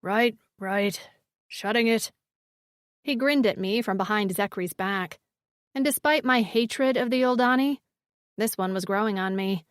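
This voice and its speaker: A woman narrating a first-person fantasy romance audiobook with an expressive storytelling delivery. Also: medium pitch, normal speed, no echo, studio quality.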